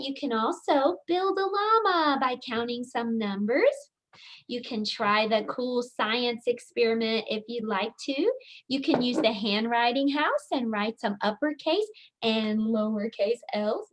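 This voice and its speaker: A high-voiced woman teaching young children, who reads a picture book aloud at an unhurried pace. Her voice swoops much higher on the dramatic lines. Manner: slow and expressive, with big high leaps on dramatic lines. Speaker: preschool teacher.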